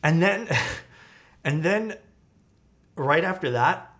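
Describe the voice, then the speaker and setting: A man's voice: a little high, expressive, slow, a bit bright. A young man streaming from home, telling stories in a casual, laid-back way and swearing often.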